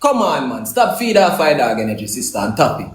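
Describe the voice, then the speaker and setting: A man's voice: mid-range voice, big pitch swings, a little fast. Blunt Jamaican man in an echoey room. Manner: blunt, insistent, repetitive. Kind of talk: blunt live-stream talk. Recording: echoey room with faint hiss.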